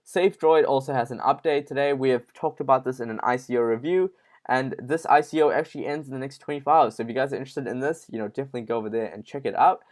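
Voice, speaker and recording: A man's voice: mid-range voice, fast talker, darkish tone. A man hosts a casual online news show in a middle-range voice. He talks informally and chats straight to his viewers. His speech is loose and full of fillers. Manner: informal, addresses viewers as guys, many fillers. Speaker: crypto news host.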